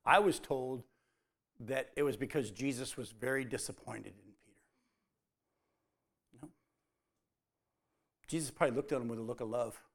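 Gravelly man preaching a lively sermon. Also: medium pitch, moderate pace, pauses often. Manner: storytelling, acts out the quoted lines in dialogue.

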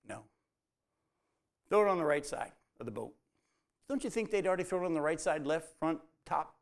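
A man's voice: a little high, lively intonation, normal speed, creaky. A man preaching a sermon, telling the story and acting out the quoted lines as dialogue.

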